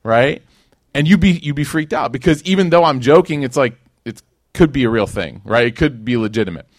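A man's voice: mid-range voice, lively intonation, brisk, no room sound, studio quality. A man from Chicago teaching a conversational sermon, telling stories with slang and acted-out quotes. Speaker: Islamic teacher. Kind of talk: casual sermon.

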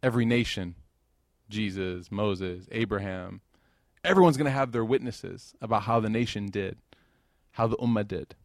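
A man's voice: on the low side, normal speed, dry recording, studio quality. A man giving an informal sermon at a religious gathering, talking conversationally with joking asides and growing emotional over scripture.

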